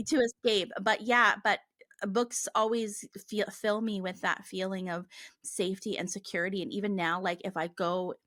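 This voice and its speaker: A woman's voice: mid-range voice, steady tone, normal speed, a bit bright, no echo. A woman co-hosting a podcast in casual chat, talking freely with many "like"s and sometimes reading passages aloud. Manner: chatty, heavy use of "like", reads passages aloud. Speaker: podcast co-host and medium.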